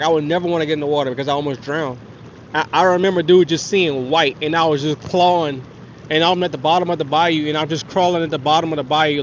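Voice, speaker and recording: A man's voice: a little high, a little hiss or hum. A man, hosting a fishing livestream from a kayak and rambling through stories with frequent laughs. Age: 30s. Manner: rambling, laughs often, reads chat. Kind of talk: casual storytelling livestream. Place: outdoors on the water in a kayak. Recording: dull lo-fi outdoor stream audio.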